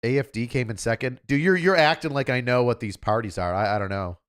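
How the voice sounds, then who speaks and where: A man's voice: medium pitch, brisk, clean tone. A man hosting a livestream, chatting casually in a rambling, offhand way. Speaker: livestream host.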